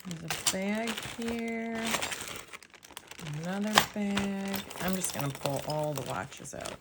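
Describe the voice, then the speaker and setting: A woman casually narrating a jewelry unboxing, soft-spoken and sometimes dropping to a whisper as she examines pieces. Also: medium pitch, takes it slowly, heavy background noise. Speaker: jewelry reseller.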